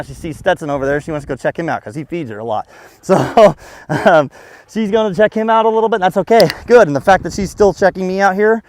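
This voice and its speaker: Man explaining dog training outdoors. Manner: relaxed explaining, breaking into high excited calls to the dog. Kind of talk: casual outdoor training demonstration.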